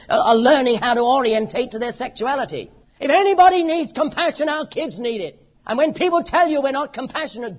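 A preacher with a British accent delivering an impassioned, emphatic sermon full of repeated phrases. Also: medium pitch. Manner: impassioned, emphatic, repetitive rhetoric. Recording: dull lo-fi recording.

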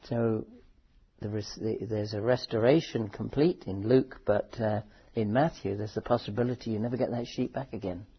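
A man preaching a sermon in a conversational, thoughtful way, often pausing and correcting himself. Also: on the low side, steady tone, slightly rough, dull audio. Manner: conversational, thoughtful, with frequent fillers and self-corrections.

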